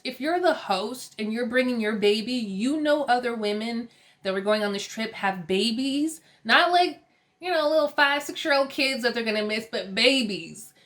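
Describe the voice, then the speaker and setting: Young california woman recapping a reality show episode, chatty and opinionated, laughs a lot, voice sits a bit high. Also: a bit bright. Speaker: TV recap host.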